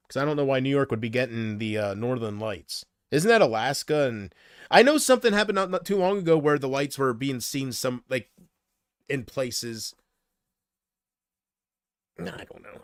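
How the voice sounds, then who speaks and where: A man's voice: medium pitch, dry recording, clean studio sound. A man on a casual livestream, rambling and unsure, drifting between thoughts while he answers viewer comments. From United States.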